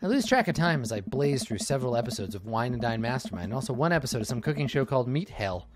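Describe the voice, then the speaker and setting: A man playing through a video game and reading its text aloud for laughs. His pitch swoops all over as he jokes, and he swings from loud outbursts to mumbled asides with a bit of swearing. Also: sing-song, fast talker, over music. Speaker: let's-play gamer. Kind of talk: comedic game read-through.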